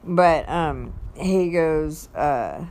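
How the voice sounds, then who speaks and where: A woman with a notably low voice tells a personal story in a casual, rambling way. She reads out text messages one after another, with plenty of ums and restarts along the way. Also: lively intonation, drawn-out words, darkish tone, a little hiss or hum. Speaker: vlogger.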